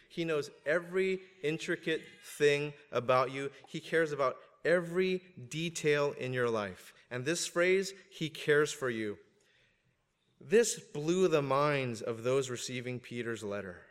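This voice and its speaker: A male pastor preaching a sermon, animated and joking at times, swinging up to loud emphasis. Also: a little high, slow. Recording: long hall reverb.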